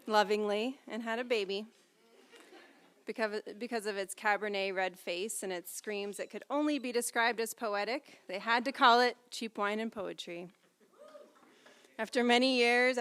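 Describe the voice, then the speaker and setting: A woman with a smooth, resonant voice hosts a live literary evening. She tells playful, self-deprecating stories in a chatty stand-up rhythm, peppered with "um" and "like". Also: on the high side, a bit bright. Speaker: event hostess. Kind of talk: comedic stand-up style hosting. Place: live reading event before an audience.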